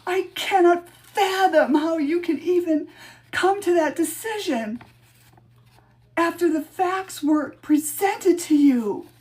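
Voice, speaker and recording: A woman voicing an indignant woman who reads out a scolding letter in a shrill, melodramatic manner. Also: slow, a little mellow. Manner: shrill, melodramatic, self-righteous. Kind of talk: dramatic reading.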